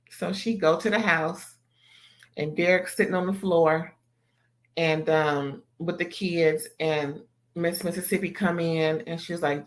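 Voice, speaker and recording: A woman giving an animated, emphatic recap of a TV episode, swearing and exclaiming as she reacts. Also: fairly low pitch, unhurried. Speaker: TV show reviewer. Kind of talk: casual recap and commentary.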